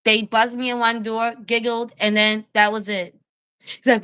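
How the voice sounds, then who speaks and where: A woman with a New York accent ranting to camera as a street vlogger, animated and blunt, laughing as she tells her story. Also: fairly high pitch, moderate pace, clean tone. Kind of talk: casual rant to camera.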